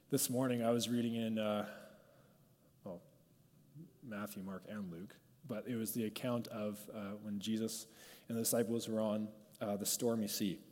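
A man's voice: lowish voice, a little mellow. A male pastor giving an informal, conversational sermon and leading a prayer, talking loosely and often saying "like". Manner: conversational, peppered with "like", going off script. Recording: long hall reverb.

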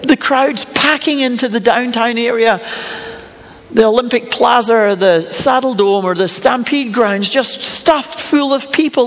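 A man's voice: very high-pitched, fairly bright tone. A middle-aged man, preaching a sermon in a conversational, storytelling way and asking rhetorical questions with a touch of humour. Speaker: pastor. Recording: long hall reverb.

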